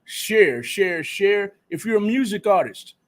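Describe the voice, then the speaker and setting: A man's voice: high-pitched, expressive, a little slow. A man hosting a live radio talk show, chatting casually with loose, joking slang.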